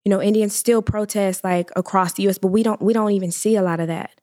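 A woman's voice: medium pitch, steady tone, quick pace, a little mellow, dry recording, clean studio sound. A woman co-hosting a podcast, explaining her views in a casual, thoughtful way. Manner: explanatory, thoughtful, many fillers. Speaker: podcast co-host.

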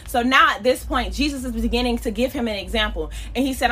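A woman's voice: a little high, quick pace, hardly any pauses, sharp tone, breathy edge. A woman giving a casual sermon on a podcast, speaking in a conversational, emphatic and slangy way. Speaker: podcast preacher.

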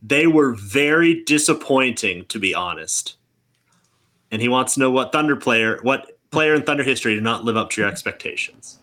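A man with a bright, edgy voice reads out listener questions and keeps the show moving. He sounds brisk and matter-of-fact. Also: medium pitch, lively intonation. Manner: brisk, moves the show along. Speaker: podcast host.

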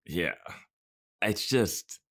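A man's voice: sits low, lively intonation, drawn-out words, fairly bright tone. A man co-hosting a podcast in casual chat, laughing often and joking. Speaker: podcast co-host.

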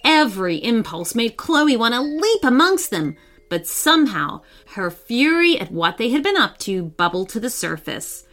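A woman narrating a children's story in a scripted, expressive way with dramatic pauses. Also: on the high side, faint music behind.

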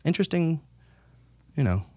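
A man with a fairly high, sing-song, slightly mellow voice talks at a moderate pace, recorded cleanly in a studio with no room sound. He's a metal singer appearing as a podcast guest, chatting casually and rambling, swearing freely and acting out what people said.

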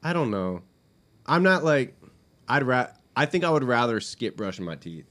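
A man's voice: mid-range voice, very animated, normal speed, a bit bright. A young man co-hosting a podcast, chatting casually and asking playful, offbeat questions. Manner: playful, asks quirky questions. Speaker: podcast co-host. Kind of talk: casual chat.

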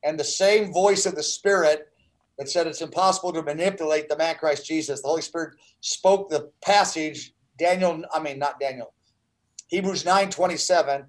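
A man's voice: fairly high pitch, normal speed, poor audio. A man in his sixties telling a personal story as an interview guest, earnest and full of restarts. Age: 60s.

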